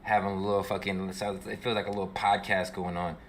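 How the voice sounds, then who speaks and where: A man's voice: sits low, flat delivery, fast talker, a little hiss or hum. A young male streamer telling a long story in a slangy, profane, rambling way while he plays. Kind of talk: casual storytelling while gaming.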